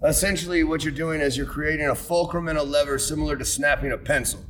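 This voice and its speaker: Guy breaking down wrestling holds, slightly high voice, bit off mic with faint hiss. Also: fairly even intonation, fairly bright tone, distant mic, poor audio. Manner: measured, explains technique, dry humor. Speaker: podcast co-host, grappling expert. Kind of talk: casual explanatory chat.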